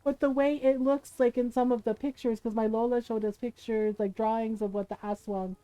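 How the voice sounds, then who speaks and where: A woman streamer telling a family story in casual chat, animated, often laughing and asking "right?". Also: a little high, brisk, no room sound, low-quality recording.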